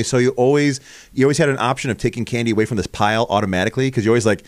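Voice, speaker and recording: A man's voice: mid-range voice, rapid-fire, no echo. A man hosting a casual podcast chat, telling a long story and acting out the voices of the people in it. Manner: animated storyteller, acts out voices. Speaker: podcast host.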